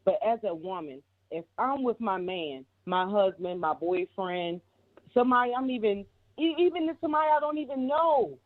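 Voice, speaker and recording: A woman's voice: medium pitch, lively intonation, normal speed. A woman giving heated, emphatic commentary, repeating herself and cursing freely. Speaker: guest commentator. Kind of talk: casual commentary. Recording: tinny phone line.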